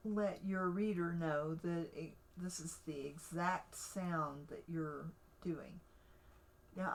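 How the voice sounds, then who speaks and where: A woman's voice: on the low side, rough recording. A woman hosting a casual livestream tutorial, talking in a hesitant way with many fillers and restarts. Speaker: livestream host teaching language creation.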